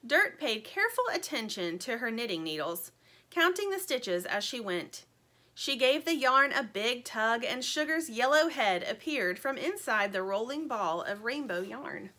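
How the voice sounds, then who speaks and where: Woman narrator for a kids' book, high voice, very lively delivery. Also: measured pace. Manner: expressive, animated storytelling. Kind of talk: reading a children's story aloud.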